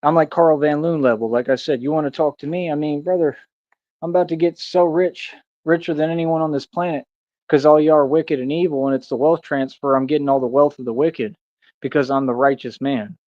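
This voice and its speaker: A man's voice: fairly high pitch, a little mellow, no room sound, lo-fi sound. Boastful man ranting on a stream. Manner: boastful, preachy, confrontational. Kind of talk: live-stream rant to chat.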